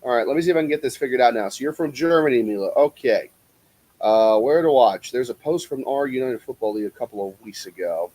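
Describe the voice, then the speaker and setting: Male streamer from the Cincinnati area, mid-pitched, swears freely, and calls plays in a loose, chatty way. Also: lively intonation, fast, warm tone, low-quality recording. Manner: profane, chatty, reads viewer comments aloud. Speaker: live-stream play-by-play commentator. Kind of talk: casual live-stream commentary.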